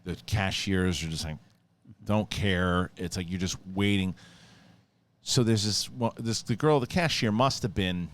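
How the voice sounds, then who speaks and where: A middle-aged man hosting a casual chat, telling animated stories with frequent swearing and laughter. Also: low-pitched, a little slow. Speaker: podcast host.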